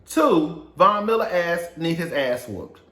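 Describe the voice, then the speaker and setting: Sassy gossiping man, lively swooping voice. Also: fairly high pitch, takes it slowly, roomy sound. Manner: sassy, swearing, laughing often, calls listeners girl and honey. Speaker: gossip commentator. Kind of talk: casual celebrity gossip monologue.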